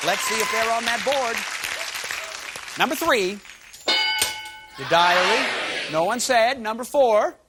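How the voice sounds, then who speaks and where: High, lively game show host. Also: male voice, takes it slowly, long pauses, over a noisy crowd. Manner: joking, teasing, animated. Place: television studio with audience. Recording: loud studio audience and noise.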